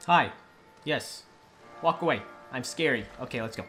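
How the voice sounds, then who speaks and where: A young man talking over his gameplay into a desk mic, excitable and quick to exclaim. His voice is bright and lively, bouncing up and down in pitch, and sits a little high for a man. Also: soft background music. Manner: excitable, exclaiming and joking at the game. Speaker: gaming YouTuber. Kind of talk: let's-play commentary.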